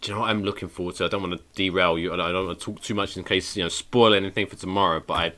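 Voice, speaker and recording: A British man co-hosting a podcast, chatting casually with joking banter and quick asides. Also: sits low, steady tone, sharp tone. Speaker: podcast co-host. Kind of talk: casual chat.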